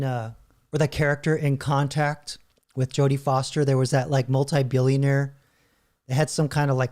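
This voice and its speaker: A middle-aged man with a mellow, relaxed tone hosting a casual reaction video. He chuckles often and reads chatbot answers aloud in a loose, offhand way. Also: mid-range voice. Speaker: channel host.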